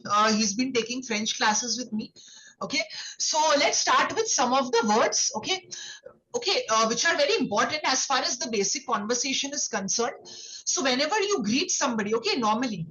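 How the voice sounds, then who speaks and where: A woman's voice: fairly high pitch, bright, forceful tone, highs cut off. A woman teaching a French class to children online. She explains patiently, repeats words, and keeps checking in with "okay?" and "right?". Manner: explains patiently, with many "okay"s and tag questions.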